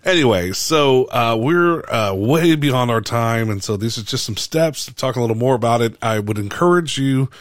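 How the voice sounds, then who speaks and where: A man, a pastor, giving a casual church talk in a relaxed way, halting often with fillers and restarts. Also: medium pitch, no room sound, clean studio sound.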